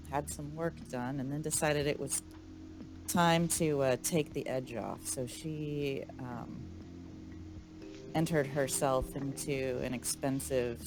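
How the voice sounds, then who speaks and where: Hesitant player, slow delivery, music underneath. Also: mid-range voice. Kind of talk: narrating her character's backstory.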